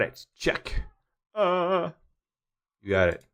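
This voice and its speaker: A man's voice: lowish voice, very animated, measured pace, creaky, bright, forceful tone, clean tone. A man in his thirties, a photographer chatting casually and rambling with joking asides while he works at his computer. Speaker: photographer doing a livestream. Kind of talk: casual chat while working.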